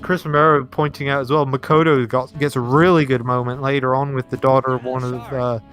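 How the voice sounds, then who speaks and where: Male co-host for a let's play: mid-pitched, chatty, reads chat and trips over his own sentences. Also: flat delivery, fairly quick, a bit bright, soft background music. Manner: chatty, restarts often, reads viewer comments aloud. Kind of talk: casual let's play commentary.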